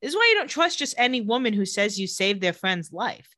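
A woman's voice: medium pitch, big pitch swings, pushed and bright, no echo, clean studio sound. A woman co-hosting a podcast, recapping a TV episode in casual chat with sarcastic asides. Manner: sarcastic asides while retelling scenes, quick laughs.

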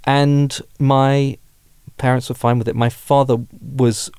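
Speaking slowly with a smooth, medium-pitched voice, this thirty-something humanist chaplain from England recounts his own experience openly in a podcast conversation. He's self-deprecating and brightens when amused, captured in clean studio sound with no room noise.

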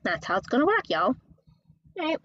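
A woman hosting her own podcast, chatting casually and rambling from topic to topic, gushing when she gets excited. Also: fairly high pitch, brisk, no room sound, highs cut off. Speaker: podcast host. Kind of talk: casual solo chat.

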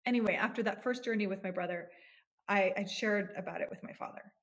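A woman's voice: medium pitch, fast. Earnest, reflective woman therapist. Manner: earnest, reflective, with many restarts. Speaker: psychotherapist guest. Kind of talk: podcast interview.

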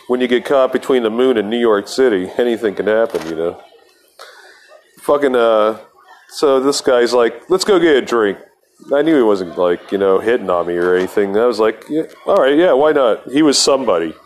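A man's voice: lowish voice, a little hiss or hum. A man hosting a podcast, telling a rambling, profane story in a casual monologue with laughs between lines. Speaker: podcast host.

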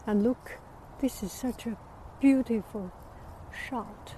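A woman from China with a Chinese accent, chatting casually on a walk outdoors, hesitant with many pauses and fillers. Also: on the high side, warm tone, slight background noise, poor audio. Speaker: vlogger. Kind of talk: casual walking chat.

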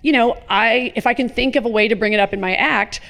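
A woman comedian in her fifties from the American Midwest tells animated, profane stories in an interview. Her voice has a gravelly fry and sits somewhat high. She keeps breaking off into quick asides. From Chicago, USA. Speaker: comedian guest. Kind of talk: casual storytelling interview.

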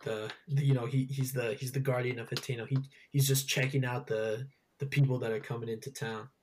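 A man's voice: mid-range voice, level tone, a little fast, darkish tone, slight background noise. A young man hosting a casual gaming chat, rambling with lots of fillers and restarts. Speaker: podcast host.

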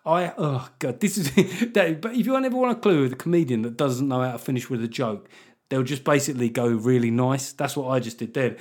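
A man's voice: mid-range voice, fairly quick, a little mellow. A male comedian hosting his podcast, reading listener reviews with wry, self-mocking asides. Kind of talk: casual comedic chat.

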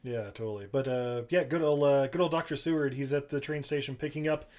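A man's voice: mid-range voice, fairly even intonation, a little fast, a little mellow. A man co-hosting a podcast, recapping a movie in loose, rambling chat and swearing freely. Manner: rambling, laughing, profane. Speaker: podcast co-host.

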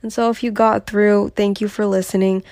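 Young woman podcast host, middle-pitched, candid and earnest, recorded dry and close. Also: level tone, moderate pace, darkish tone, no echo. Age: young adult. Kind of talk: solo podcast talk.

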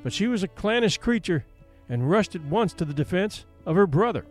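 A man narrating a classic novel aloud with expressive storytelling. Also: a little high, normal speed, faint music behind. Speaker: audiobook narrator. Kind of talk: scripted narration.

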